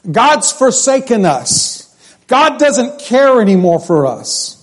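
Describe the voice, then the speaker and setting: Man, pastor, high voice, middle-aged, casual joking sermon, repeats himself. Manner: conversational and joking, with repeated phrases.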